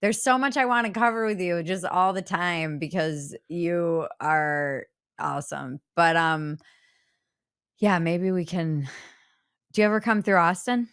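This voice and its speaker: A woman's voice: fairly low pitch, a little slow, a bit bright, clear, resonant tone, no echo, clean studio sound. A woman hosting a podcast interview, chatty and self-deprecating. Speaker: podcast host. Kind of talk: casual interview chat.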